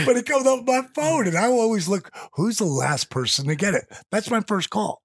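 Raspy, lively male storyteller. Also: high-pitched, moderate pace, few pauses, no room sound, clean studio sound. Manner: animated, laughing storyteller. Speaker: interview guest. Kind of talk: casual storytelling. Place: home.

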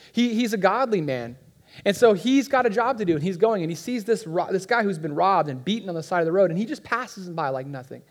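A high-pitched man preaches in a loose, conversational way, teasing the congregation and pulling them into the talk. He sounds like a guest pastor speaking from the front of a church. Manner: conversational, joking with the congregation, animated. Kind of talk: sermon.

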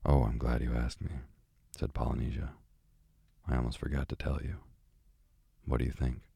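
A man voicing a chatty, gossipy old female parrot in a storybook reading, in a deep, gravelly, husky voice. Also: little pitch movement, moderate pace, warm tone, no echo, studio quality, heavily acted.

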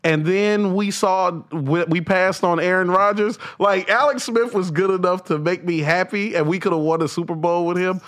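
A man's voice: sits high, fairly even intonation, normal speed, few pauses, a bit bright. A man who does stand-up, a podcast guest chatting casually and laughing often. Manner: laughs often, rambling sports talk. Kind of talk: casual chat.

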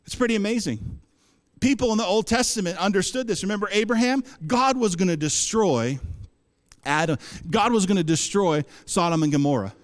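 An impassioned male pastor preaching with a high voice, rising into loud bursts and dropping to low asides. His voice rings with long reverb in a church sanctuary. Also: expressive, fairly quick. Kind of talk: sermon.

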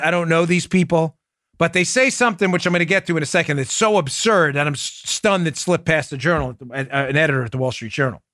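A man's voice: on the high side, fairly bright tone, no room sound, studio quality. A man hosting a political podcast, delivering heated commentary in a combative, incredulous way. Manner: combative, incredulous, rising to indignant outbursts.

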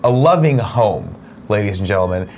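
A man's voice: fairly low pitch, very animated, normal speed, darkish tone, slight background noise. A man co-hosting a casual morning show, chiming in with sarcastic, jokey asides. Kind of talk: casual chat.

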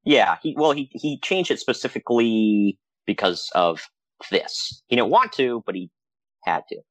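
Animated man chatting on a podcast. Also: mid-range voice, a little slow, no room sound. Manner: animated, laughing storyteller. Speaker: podcast co-host. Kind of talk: casual chat.

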